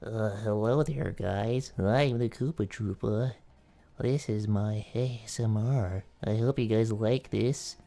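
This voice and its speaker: A man's voice: lowish voice, takes it slowly, creaky, dark tone, voice pushed up. A man voicing a nervous male turtle soldier in whispered role-play, speaking hesitantly and stumbling over his words. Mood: shy.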